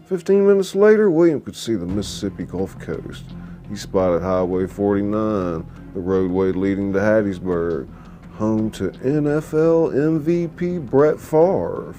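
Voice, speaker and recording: A man narrating a story in a slow, measured reading. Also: on the low side, warm tone. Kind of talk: audiobook narration.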